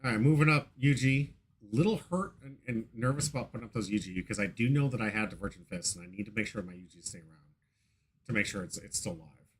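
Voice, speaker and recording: A man giving casual, excitable commentary on his own card game match, laughing and playing up mock outrage. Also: on the low side, fast, husky.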